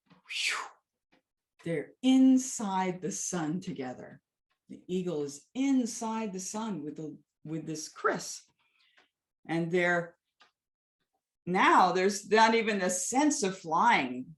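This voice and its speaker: Female movement teacher, unhurried and gentle, telling a story while she guides; roomy sound. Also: medium pitch. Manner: gentle, soothing guidance mixed with a story.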